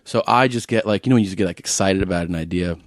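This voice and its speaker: A man hosting a podcast in casual chat, telling an animated story and reading texts aloud in put-on voices. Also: sits low, very fast, no room sound, clean studio sound. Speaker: podcast host.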